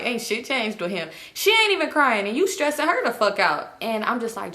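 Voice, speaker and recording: A woman vlogger telling a story in a casual, animated way, laughing, swearing and acting out the people in it. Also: fairly high pitch, fairly quick, hardly any pauses. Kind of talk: storytime vlog.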